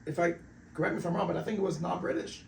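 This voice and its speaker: A male podcast host with a high, gravelly voice keeps the chat moving with quick, slangy interjections and the odd curse. He sounds set back from the mic in a roomy space, with faint noise underneath. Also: fairly even intonation, distant mic.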